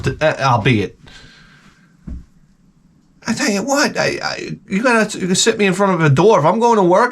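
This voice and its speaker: A middle-aged man hosting his own channel, giving a crude, profane comedic rant that swings from mutters to shouts. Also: fairly high pitch, breathy edge. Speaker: channel host.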